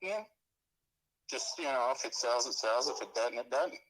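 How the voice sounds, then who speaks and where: A man's voice: mid-range voice, animated, normal speed, fairly bright tone. A man selling his house, answering a phone call in a curt, laid-back way. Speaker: home seller on a phone call.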